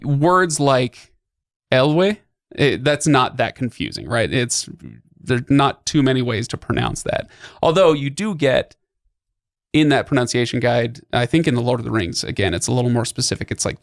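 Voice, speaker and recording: A man's voice: mid-range voice, dry recording, studio quality. A man hosting a podcast, explaining at length in a casual way with lots of fillers and restarts. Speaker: podcast host.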